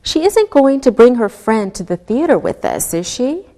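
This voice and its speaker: Female English teacher, slow and deliberate, lively sing-song pitch, mellow timbre. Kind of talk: scripted grammar lesson.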